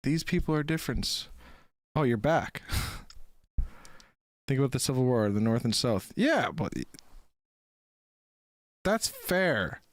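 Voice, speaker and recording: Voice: medium pitch, sing-song, slow, pauses often, no room sound. Rambling, profane streamer in a dry room. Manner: rambling, profane, many restarts. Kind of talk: casual live-stream reaction chat.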